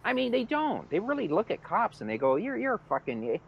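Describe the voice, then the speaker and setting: Animated, profane man ranting. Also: sits high, brisk, creaky. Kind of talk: casual storytelling rant. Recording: dull lo-fi recording, faint noise.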